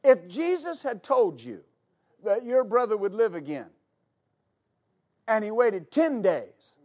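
A man preaching a sermon as pastor, explaining at length and building to shouts. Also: high-pitched, very animated, takes it slowly.

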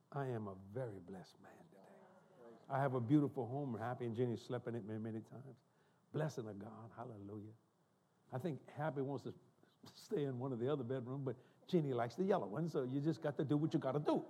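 This is an older man preaching from a church pulpit. His voice is husky and dark, and he tells stories in an animated way, cracking jokes and laughing as he goes. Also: mid-range voice, fairly quick. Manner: animated, joking, laughing asides. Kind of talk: storytelling sermon. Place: church sanctuary.

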